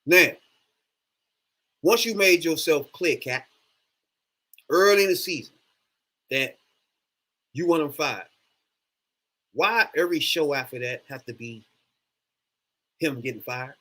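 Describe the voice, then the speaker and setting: Man, sports fan vlogger, casual rant, profane, exasperated, bright sharp tone. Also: on the high side, slow, long pauses. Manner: animated, profane, exasperated ranting. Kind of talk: casual ranting monologue.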